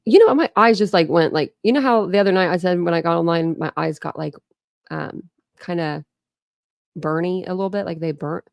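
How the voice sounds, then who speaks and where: Chatty, gravelly-voiced woman from Ohio. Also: fairly low pitch, fairly quick, darkish tone, no echo, studio quality. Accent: Ohio with Philadelphia family influence. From Ohio, USA. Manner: rambling, chatty, greets viewers, frequent laughs and fillers. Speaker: host of a live stream commentary channel. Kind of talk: casual live-stream chat.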